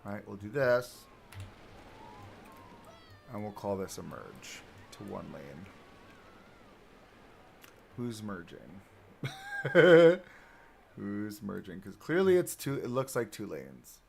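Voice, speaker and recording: Chatty self-mocking male streamer, gravelly. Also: fairly low pitch, big pitch swings, slow, long pauses, a little mellow, a little hiss or hum. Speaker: livestreamer. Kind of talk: casual game livestream commentary.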